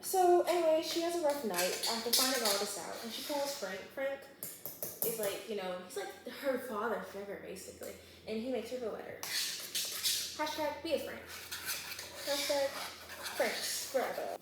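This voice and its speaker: A young woman casually retelling a thriller plot while baking, gossipy and quick, acting out the characters' lines. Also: fairly high pitch, expressive. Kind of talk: casual chatty plot recap. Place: home kitchen. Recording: very echoey kitchen, faint hum.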